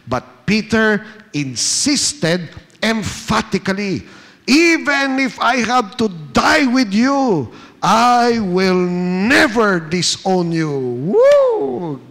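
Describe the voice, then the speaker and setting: A male pastor with a Filipino accent delivers an animated sermon, his pitch climbing and falling in wide swings. He speaks slowly and deliberately, often checking in with rhetorical questions. The voice carries a long reverb from a church hall. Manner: animated preaching, switching languages, rhetorical questions.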